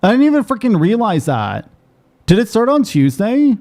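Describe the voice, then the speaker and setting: A man streaming a game, chatting rapidly and swearing freely as he plays. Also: high-pitched, very animated, a little mellow. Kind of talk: casual gaming commentary.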